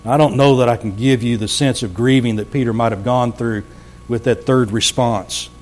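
A man preaching a sermon as pastor, earnest and slowing down to stress words. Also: mid-range voice, fairly even intonation, darkish tone. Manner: earnest, slows down for emphasis.

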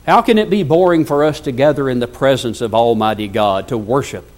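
A man delivering a sermon at a mid pitch, reading scripture passages aloud at length. He keeps turning to the congregation with rhetorical questions. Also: fairly quick, darkish tone. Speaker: preacher.

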